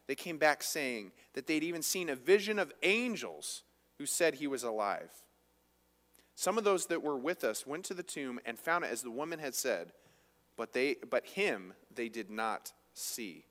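Lively preaching man in a reverberant hall. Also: fairly high pitch. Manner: conversational, asks the congregation rhetorical questions. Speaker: pastor. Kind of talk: sermon.

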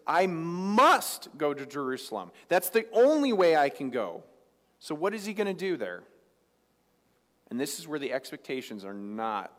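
A man preaching a sermon as a pastor, talking conversationally and putting questions to his congregation. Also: on the high side. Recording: long hall reverb.

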